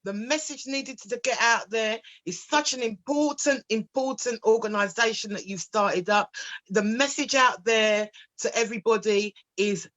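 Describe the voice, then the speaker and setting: An enthusiastic woman hosting an online talk show, encouraging and upbeat. Her voice is bright and sits fairly high. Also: normal speed, rough recording. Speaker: show host.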